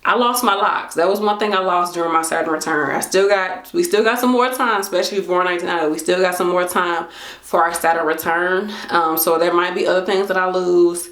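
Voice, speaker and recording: A woman's voice: fairly low pitch, fairly even intonation, fairly quick, a bit bright, reverberant. A woman in her late twenties talking casually to camera, chatty and slangy, acting out her own thoughts. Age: late 20s. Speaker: vlogger.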